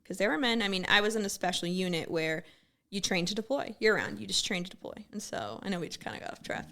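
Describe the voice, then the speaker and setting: Blunt, gravelly-voiced woman. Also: lowish voice, quick pace, a bit bright. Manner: blunt, profane storytelling. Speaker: podcast co-host, former military gunner. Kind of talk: casual podcast chat. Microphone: studio podcast mic.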